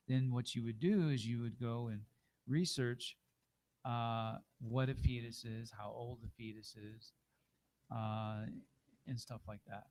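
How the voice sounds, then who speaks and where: A man leads an informal class in a middle-pitched voice. He coaches with patience and encouragement. His talk is unhurried and plain. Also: steady tone, a little mellow, poor audio. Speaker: teacher.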